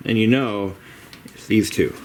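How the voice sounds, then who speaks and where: A man's voice: fairly low pitch, measured pace, noisy background. A man talking casually through a home renovation job in his basement, rambling, frank and a little profane. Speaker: DIY home renovation vlogger. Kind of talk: casual rambling how-to talk.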